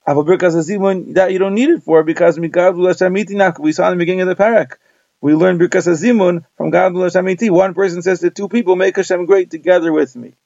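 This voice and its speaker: Gravelly man teaching a Talmud page. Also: high voice, steady tone, fast talker, darkish tone, no echo. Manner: reads Hebrew-Aramaic text then translates line by line. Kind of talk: daily page Talmud class. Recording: dull lo-fi dry recording.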